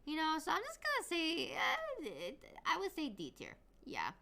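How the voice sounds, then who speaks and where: High, wildly animated woman hyping a friend. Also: normal speed, a little hiss or hum. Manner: dramatic hype, emphatic. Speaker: guest on stream. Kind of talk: casual chat.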